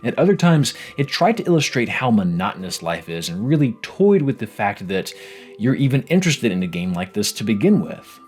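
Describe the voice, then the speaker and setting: A man narrating a scripted game review video, animated, wry and self-mocking. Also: lowish voice, brisk, soft background music.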